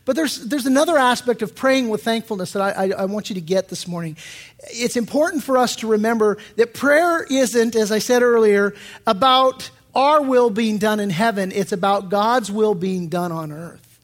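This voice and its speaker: A man's voice: high-pitched, moderate pace. An older man, a pastor, preaching a sermon and telling stories, acting out prayers and quotes as he goes. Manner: animated storytelling preacher, acts out prayers and quotes.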